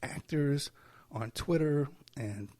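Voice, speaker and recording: A man rambles through a casual solo episode of his own podcast from home while packing, sounding tired, breaking off mid-sentence and chuckling to himself. His voice is fairly high-pitched, slow and dark in tone.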